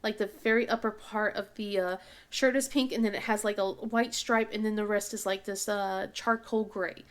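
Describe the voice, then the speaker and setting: A woman's voice: mid-range voice, steady tone, normal speed, smooth. A woman in her thirties with a Southern twang, chatting casually and laughing often as she works on a craft for her vlog. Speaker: crafting vlogger. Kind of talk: casual chat while diamond painting.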